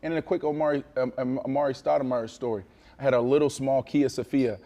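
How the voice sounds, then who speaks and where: A man co-hosting a casual sports talk show, animated and boastful, telling stories with lots of restarts. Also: medium pitch, quick pace. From Florida. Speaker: co-host.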